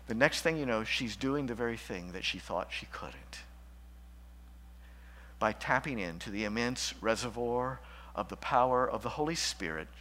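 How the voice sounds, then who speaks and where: A man preaching a sermon as pastor, shifting between loud emphatic lines and hushed, slow passages. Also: medium pitch.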